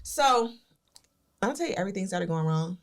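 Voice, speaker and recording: Animated woman telling a story. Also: medium pitch, moderate pace. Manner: animated, swears freely, acts out voices in her stories. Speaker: podcast co-host. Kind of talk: casual storytelling chat.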